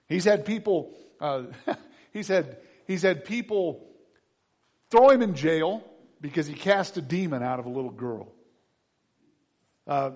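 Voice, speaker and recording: Male pastor, husky voice, fairly high, lively pitch swings, chatty sermon to the congregation. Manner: animated, acts out quotes, asks the congregation questions. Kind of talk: conversational sermon.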